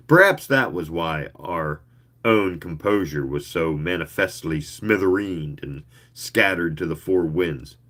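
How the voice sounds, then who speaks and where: A man reading a story aloud in an expressive, leisurely way, with occasional asides. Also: low voice. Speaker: reader.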